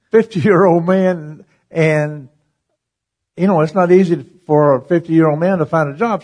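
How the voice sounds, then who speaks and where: A man preaching a sermon through a story, animated and chuckling between lines as he acts out the voices. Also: on the high side, moderate pace.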